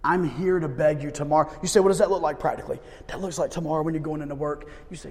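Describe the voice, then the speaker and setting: A man's voice: a little high, steady tone, rapid-fire, hardly any pauses. Man preaching in a reverberant gym. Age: 30s. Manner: conversational, swings between loud emphasis and hushed pleading. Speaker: pastor. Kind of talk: sermon. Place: church service held in a gym.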